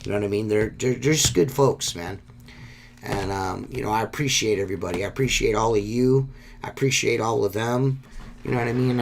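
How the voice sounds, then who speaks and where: A man's voice: on the low side, vocal fry, slight background noise. A man hosting a solo podcast, talking in a rambling, heartfelt way and swearing often. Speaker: podcast host.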